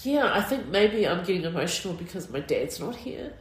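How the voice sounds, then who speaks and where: A middle-aged woman with a New Zealand accent, speaking in an interview with many fillers, emotional and halting. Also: fairly low pitch, big pitch swings. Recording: roomy echo.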